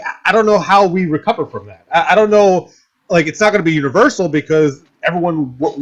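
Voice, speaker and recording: A man with a fairly high voice hosting a casual discussion. He rambles and gropes for words, circling back with many fillers and restarts. The recording sounds dull and lo-fi. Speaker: podcast host.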